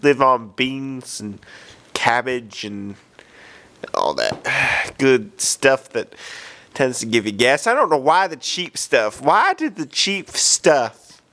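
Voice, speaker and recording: A man's voice: mid-range voice, big pitch swings, slow pace, pushed and bright, full character voice. A man playing a rambling comedy character who gets mock-emotional and wanders off topic.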